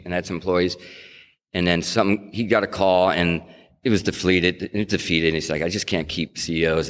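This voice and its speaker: A man's voice: low voice, a bit bright. A middle-aged man from New England telling his personal recovery story at a sobriety meeting, earnest and conversational, often restarting his sentences. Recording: echoey hall reverb.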